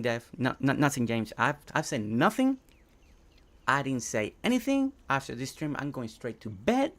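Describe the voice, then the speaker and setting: A man's voice: mid-range voice, very animated, moderate pace. Chatty Spanish-speaking man streaming a game. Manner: chatty, reads chat aloud, thinks out loud. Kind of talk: casual game live stream.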